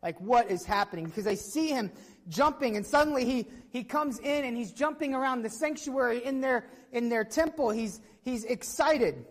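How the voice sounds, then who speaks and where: A woman's voice: high-pitched, moderate pace, in a large hall. A woman preaching a sermon to her congregation, telling the story with energy and putting questions to the listeners.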